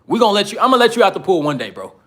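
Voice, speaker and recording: A man's voice: sits high, sing-song, rapid-fire, fairly bright tone, pitched above the performer's own voice, exaggerated voice. A smug, condescending elite as a man puts him on speaks in a mock Canadian accent, chummy on the surface and mocking underneath. The voice sits well above the man's own register. The friendliness is plainly hollow. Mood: mock friendly. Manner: chummy, mocking, calls people buddy and pal.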